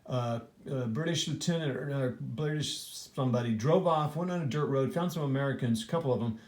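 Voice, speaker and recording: A man's voice: mid-range voice, quick pace. A man casually thinking aloud as he reviews a board wargame he played, rambling and restarting his sentences with lots of fillers. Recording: echoey room.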